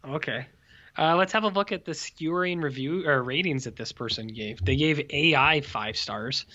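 A man's voice: on the high side, normal speed, bright, forceful tone, muffled recording. A man co-hosting a casual movie review podcast, joking and rambling with mock exclamations. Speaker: podcast co-host.

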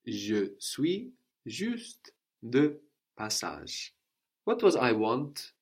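Slow, patient man teaching French. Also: mid-range voice, very animated, breathy edge. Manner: patient, explains slowly and repeats phrases. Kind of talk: language lesson.

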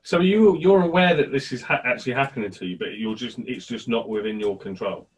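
A man's voice: medium pitch, a little fast, slightly rough, poor audio. A man hosting a casual chat, listening supportively and asking follow-up questions. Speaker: host.

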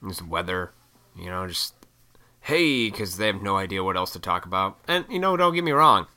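A man ranting casually and profanely, mocking people with put-on high voices. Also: lively intonation, normal speed, bright, forceful tone, clear, resonant tone. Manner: profane, sarcastic, mocks others in high voices. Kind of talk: casual rant.

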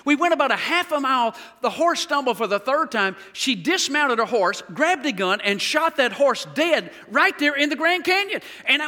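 A man's voice: very high voice, very animated, fairly quick, few pauses, pushed and bright. A man preaching as a guest pastor in a church, leading the congregation in call-and-response. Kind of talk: sermon. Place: church sanctuary. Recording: long hall reverb.

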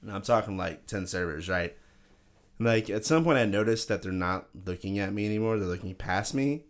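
A man's voice: lowish voice, a little fast. A young man casually telling a crude story to friends on a podcast, swearing often and laughing as he goes. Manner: animated, swearing, laughing through stories. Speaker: podcast co-host.

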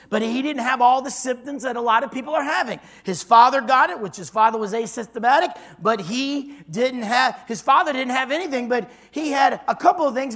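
A pastor with a very high voice preaches a sermon, telling a story and swinging between loud declarations and hushed tones.

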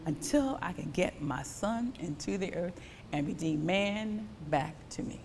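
A woman preaching an animated sermon with call-and-response from the congregation. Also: on the low side, measured pace, slight background noise. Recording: long hall reverb.

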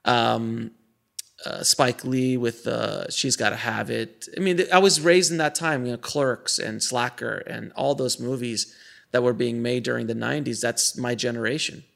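Gravelly, bright-voiced man telling stories. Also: mid-range voice, normal speed. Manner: animated storyteller, laughs often, many restarts. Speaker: guest filmmaker. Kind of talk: casual interview chat.

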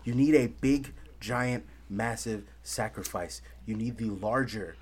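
A man's voice: on the low side, unhurried, breathy edge. A man co-hosting a podcast in rowdy casual chat, swearing freely and rambling animatedly. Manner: animated, swearing, gestures loudly, breaks into laughs. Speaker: podcast co-host.

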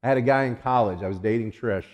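A man's voice: mid-range voice, quick pace. Folksy man telling a story in a hall. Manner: folksy storyteller, voices quoted characters. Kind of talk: sermon illustration with audience interaction. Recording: long hall reverb.

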